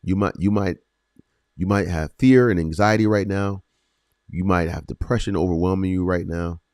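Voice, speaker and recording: A man with a very low voice speaks earnestly as a faith podcast host. He repeats his phrases and leans on slow, emphatic pauses. The sound is dry and close, with no room around it. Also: darkish tone, no room sound. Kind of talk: encouraging faith podcast talk.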